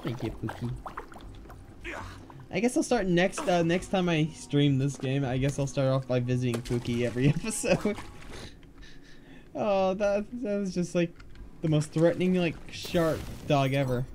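A man's voice: on the high side, animated, moderate pace, pauses often, darkish tone, a little hiss or hum. A man streaming a video game, chatting casually and poking fun at himself. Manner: chatty, self-deprecating. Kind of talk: casual gameplay commentary.

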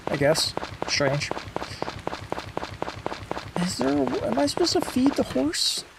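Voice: mid-range voice, creaky, very noisy. A gaming streamer giving casual, offhand let's-play commentary and muttering to themself. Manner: mumbling, offhand, muttering to self.

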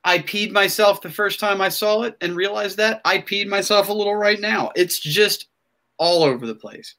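A man hosting a podcast in casual chat, excitable and rambling, with many restarts. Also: high voice, normal speed. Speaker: podcast host.

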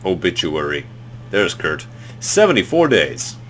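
A man co-hosting a gameplay chat, playful and animated, reading story text aloud. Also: low voice, a little slow, a little hiss or hum. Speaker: co-host.

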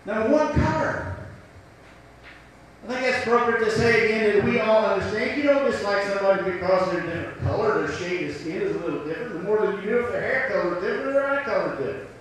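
High-voiced Southern preacher, echoey hall. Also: male voice, animated, quick pace, recorded from a distance, slight background noise. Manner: folksy, rhetorical questions. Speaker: pastor. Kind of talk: sermon.

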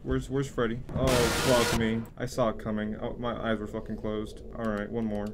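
A young man giving crude, joking let's play commentary while playing a horror game, swinging between yelling and muttering. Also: on the low side, flat delivery, normal speed, over loud music. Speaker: gaming youtuber.

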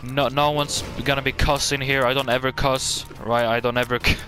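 A man hosting a gaming channel, giving excitable, jokey gameplay commentary full of swearing and sudden outbursts. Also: medium pitch, a little fast, soft background music.

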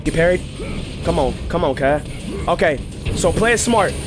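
Excitable young man yelling at a game. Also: on the high side, normal speed. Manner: excitable, profane trash talk at the game, frequent shouts. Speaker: gaming channel host. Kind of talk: let's play commentary. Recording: game music clearly behind the voice.

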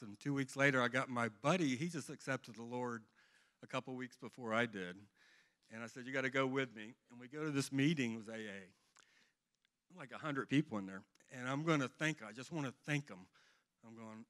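A middle-aged man with a medium-pitched, slightly bright voice gives a personal testimony to a church congregation. He's earnest, and his storytelling rambles and restarts.

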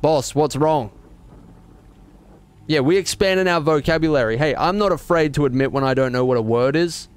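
A man's voice: fairly high pitch, fast, few pauses, clean tone, dry recording. A man streaming a game, reading its text passages aloud, stumbling over words and breaking off into exasperated, swearing rants.

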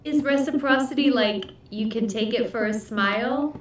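A woman's voice: a little high, moderate pace, reverberant, far from the mic, slight background noise. A woman playing a tabletop game, bubbly and joking with the group. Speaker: player. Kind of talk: casual tabletop game chat.

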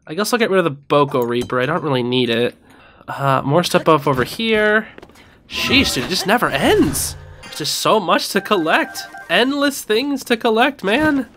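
Lively, bright-voiced game commentator. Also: mid-range voice, slight background noise. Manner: excitable, reacts aloud and talks to enemies. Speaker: gaming channel host. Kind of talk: casual let's-play commentary.

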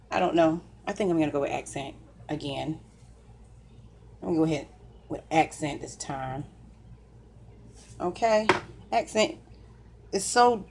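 A woman's voice: medium pitch, slight background noise. A woman chatting casually to viewers while she cooks breakfast in her home kitchen, folksy and talkative. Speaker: cooking vlogger. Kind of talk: casual cooking chat.

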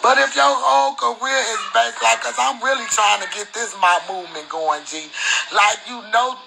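A woman's voice: on the high side, normal speed, gravelly, noisy background. A middle-aged woman delivering a heated, profane callout rant, confrontational and repeating herself for emphasis. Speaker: mother speaking out. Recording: music playing behind.

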